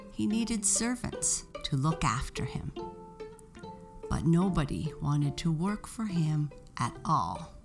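Slow, low-voiced woman reading a storybook.

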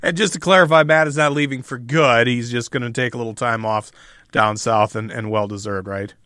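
A man's voice: medium pitch, steady tone, a little fast, pushed and bright, no echo, studio quality. A man hosting a radio outdoors show, friendly and summarizing, reading plugs for his guests.

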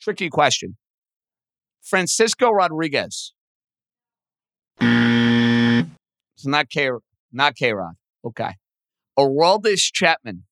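A sports radio host with a bright, forceful voice whose pitch swings freely as he thinks aloud through trivia questions. He talks casually and pokes fun at himself. The sound is close and dry, with no room around it. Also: no echo. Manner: animated, thinks out loud, self-deprecating.

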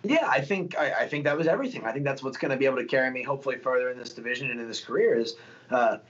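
A young man, a fighter, talking casually in an interview, rambling through stories with lots of fillers. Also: mid-range voice. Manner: fast, rambling storytelling with many fillers. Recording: dull lo-fi sound.

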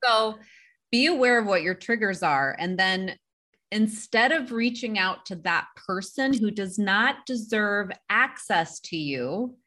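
A woman therapist on a podcast, giving advice in a calm, measured, instructive way. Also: mid-range voice.

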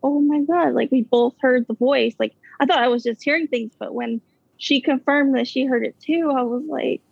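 A woman telling a ghost story in a casual, halting way, full of fillers and nervous asides. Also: sits high, fairly even intonation, vocal fry, no echo. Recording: dull, dry lo-fi sound.

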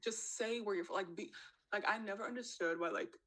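A woman's voice: medium pitch, a little fast. Chatty young New York woman. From New York City. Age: young adult. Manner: animated storytelling, acting out quotes, frequent "like". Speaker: podcast host. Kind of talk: casual chat. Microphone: video call.

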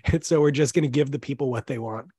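A man's voice: medium pitch, fast, warm tone, slightly rough, no echo. A man co-hosting a podcast, in laid-back, joking casual chat. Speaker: podcast co-host.

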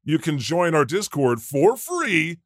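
A man playing God as host of a comedy podcast, casual and deadpan as he plugs the show. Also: fairly high pitch, slow pace, no room sound, studio quality, exaggerated voice. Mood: laid-back. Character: God, a laid-back male deity hosting a podcast.

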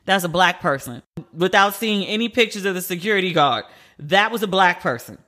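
A woman's voice: lowish voice, expressive, a little fast, a bit bright. A woman hosting a podcast, giving blunt, profane and incredulous casual commentary on TV shows and the news.

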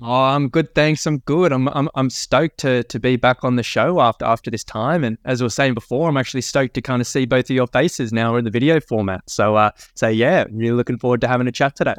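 A man's voice: mid-range voice, no echo, clean studio sound. A man with an Australian accent, a personal trainer guest, telling stories eagerly in casual podcast chat. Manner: fast, enthusiastic storytelling with many fillers.

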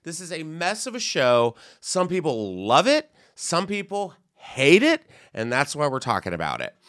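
Animated, bright-voiced man mocking celebrity gossip. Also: a little high, normal speed. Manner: animated, mocking, does squealing voices when quoting people. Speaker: podcast co-host. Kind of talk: casual comedic chat.

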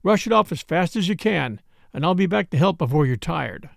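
A blunt, grim young telegraph operator in a storybook reading, put on by a man narrating. He talks in short, clipped sentences, with a high, gravelly voice that swings widely in pitch. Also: animated, fairly quick, no echo, studio quality. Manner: terse, blunt.

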